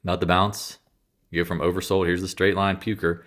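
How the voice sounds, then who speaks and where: A man's voice: low-pitched, level tone, fairly quick, a bit bright. A congested man giving casual, rambling market commentary, bluntly and offhandedly, often interrupting himself. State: congested, clearing throat.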